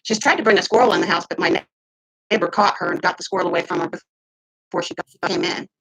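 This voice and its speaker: A woman in her fifties venting heatedly to her camera, swinging between loud outbursts and muttered asides. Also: lowish voice, fast talker, slightly rough, rough recording. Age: 50s. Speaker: vlogger. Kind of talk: casual ranting to camera.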